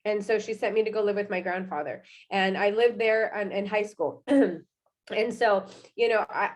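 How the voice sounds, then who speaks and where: A young adult woman telling her personal success story in an energetic, chatty way, often asking "right?" and saying "y'all.". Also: medium pitch, normal speed. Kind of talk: personal testimonial talk.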